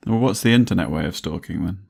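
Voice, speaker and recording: A low-pitched man with a gravelly, creaky edge co-hosts a casual podcast, ribbing his partner and laughing often. He wanders into long rambling stories from his school days. He talks close to a desk mic. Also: quick pace, a little mellow. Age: adult, grew up before the internet. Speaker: podcast co-host. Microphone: studio mic on a desk.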